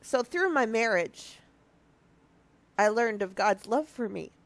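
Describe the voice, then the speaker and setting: Teary, slow-speaking woman in her fifties. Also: a little high, animated, no room sound. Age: 50s. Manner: earnest and confessional, with halting restarts. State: teary, on the edge of crying. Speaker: marriage ministry speaker. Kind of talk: heartfelt devotional talk to viewers.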